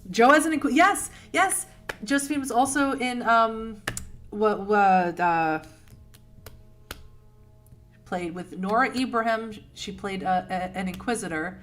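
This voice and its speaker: A woman's voice: on the high side, unhurried, pauses often, faint music behind. Woman, Boston accent, livestream host, casual chat, laughs a lot, rambling. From Boston, United States. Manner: chatty, laughs often, warm and rambling. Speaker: streamer host answering chat.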